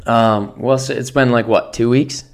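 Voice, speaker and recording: Man, podcast co-host, mid-range pitch, laid-back, crude joking, casual chat. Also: fairly even intonation, normal speed, vocal fry.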